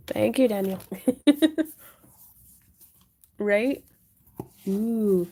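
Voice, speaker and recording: A woman's voice: mid-range voice, steady tone, moderate pace, vocal fry, dark tone, a little hiss or hum. A young woman hosting a craft livestream, chatting casually and answering viewers while she works. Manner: chatty, thinks aloud and answers viewer chat.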